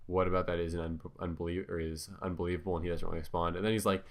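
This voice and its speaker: Deep-voiced man rambling through casual commentary. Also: flat delivery, racing. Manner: filler-heavy, hesitant, self-correcting. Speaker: commentator on his own videos.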